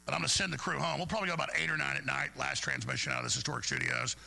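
A man's voice: medium pitch, lively intonation, rapid-fire, vocal fry, pushed and bright, low-quality recording. A man hosting a talk radio show, speaking in a heated, rambling monologue that stumbles over repeated words.

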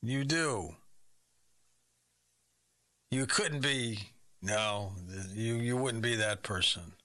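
A man's voice: medium pitch, drawn-out words, sharp tone. A man hosting a comic radio guessing game, asking curious, probing questions and reacting with puzzlement. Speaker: game show host.

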